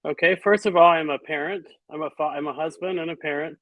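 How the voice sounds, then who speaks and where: A man's voice: on the high side, steady tone, quick pace, fairly bright tone, no room sound, low-quality recording. A man speaking as a guest in an interview, earnest and reflective, with some hesitations. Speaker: guest author and physician. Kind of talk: interview conversation.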